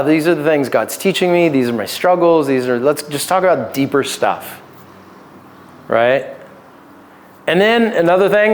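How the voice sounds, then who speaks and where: A male pastor teaching a relationship seminar in a casual, joking way, laughing often and checking in with "right?". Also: high voice. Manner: conversational, keeps asking "right?".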